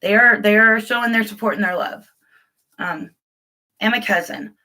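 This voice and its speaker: A chatty woman talking on a casual live stream. Her voice is bright and clear, and she rambles warmly from one thing to the next, greeting viewers by name between thoughts. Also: medium pitch, normal speed.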